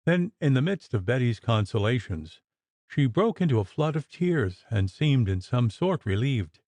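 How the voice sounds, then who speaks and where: A man narrating a gothic audiobook in a measured, expressive storytelling manner. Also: mid-range voice, dry recording.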